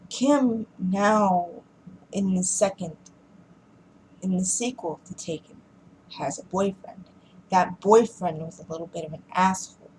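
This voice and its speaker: Woman vlogger, low-pitched, ranting through a film review with restarts over faint hiss. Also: darkish tone, poor audio. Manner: frustrated, rambling, many fillers and restarts. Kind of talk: casual rant.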